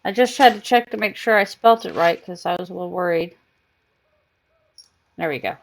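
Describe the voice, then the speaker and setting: A woman's voice: lowish voice, normal speed, gravelly, long pauses. A woman streaming a game live, chatting casually and cooing baby talk to her cat between comments on the game.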